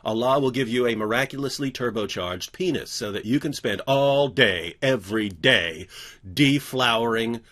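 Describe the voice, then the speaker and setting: A man voicing a persuasive male leader who makes grand promises in a slow, coaxing way. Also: medium pitch, fairly bright tone, close to an everyday voice.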